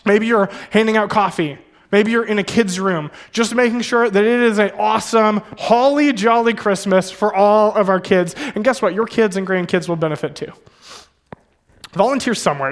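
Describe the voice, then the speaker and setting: High-voiced young pastor telling a story. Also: male voice. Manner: conversational, with many fillers and self-corrections. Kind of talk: sermon with personal storytelling. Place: church.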